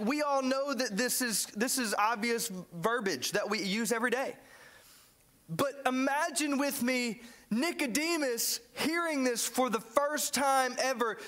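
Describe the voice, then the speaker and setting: A man with a high voice delivers a sermon to his congregation. He is playful and animated, jokes with the room, and often restarts his sentences mid-thought. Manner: animated and joking, with frequent restarts. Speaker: pastor. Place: church.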